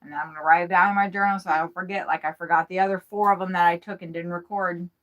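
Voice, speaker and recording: A woman chatting casually on a livestream from inside her RV, frazzled and swearing often, talking in quick, scattered bursts. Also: lowish voice, fairly even intonation, fairly bright tone, dull audio.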